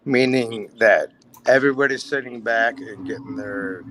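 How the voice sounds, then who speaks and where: A man's voice: medium pitch, normal speed, sharp tone, a little hiss or hum. A man in his forties, a guest telling stories in a laid-back, profane way and saying "man" often. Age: 40s. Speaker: podcast guest, bass player. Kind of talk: casual chat storytelling.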